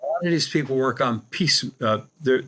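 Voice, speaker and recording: Bright-voiced older man telling a long story. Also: medium pitch, moderate pace. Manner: rambling, anecdotal, many restarts. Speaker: guest, psychic medium. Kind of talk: storytelling in a podcast interview.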